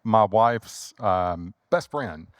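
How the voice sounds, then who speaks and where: A man's voice: lowish voice, very slow, no echo, clean studio sound. A man in his thirties from Louisiana with a Southern accent, telling a story as a guest in a casual chat. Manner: animated storyteller who acts out quotes. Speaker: guest, funeral home owner.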